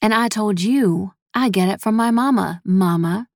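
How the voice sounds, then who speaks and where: A woman's voice: medium pitch, unhurried, a little mellow, no echo, clean studio sound, pitched above the performer's own voice, close to an everyday voice. A woman reading a story, voicing a blunt, worn-out middle-aged mother. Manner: blunt, sleepy. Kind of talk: storybook character voice.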